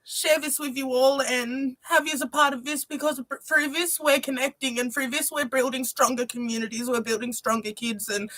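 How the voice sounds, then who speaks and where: A young adult woman musician premieres her music video on a livestream, speaking earnestly and heartfelt to viewers and peppering her talk with "you know." Her high voice is steady and a bit bright, coming at normal speed with barely any pauses on a dry recording.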